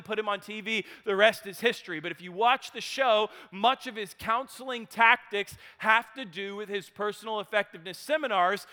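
An animated male speaker with a high, bright voice. He tells a story in a sermon, rising to loud bursts and then dropping to hushed tones. A long reverb trails behind him as if he is in a large hall.

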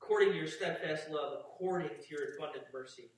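High-voiced preacher in an echoey hall. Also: male voice, fast talker. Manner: rising to fervent emphasis, repeating phrases. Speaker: pastor. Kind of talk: sermon with scripture reading. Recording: echoey hall, distant mic.

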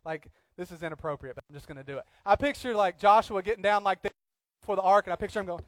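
Male pastor, sermon, high voice, dry close sound, animated, loud and quiet by turns. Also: fast talker, no room sound. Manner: animated, swings from loud acted outbursts to quiet earnest talk.

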